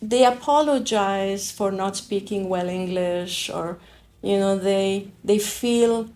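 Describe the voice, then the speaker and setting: A woman from Afghanistan, a refugee giving a personal testimony in a reflective, halting way. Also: mid-range voice, a little mellow. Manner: slow, reflective, halting phrasing. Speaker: refugee telling her story.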